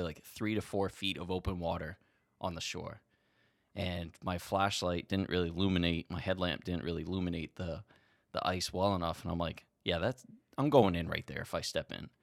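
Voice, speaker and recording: A man co-hosting a podcast, telling a long story in an animated way and swearing freely. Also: deep voice, a little fast, dry recording, clean studio sound. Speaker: podcast co-host. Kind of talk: casual storytelling chat.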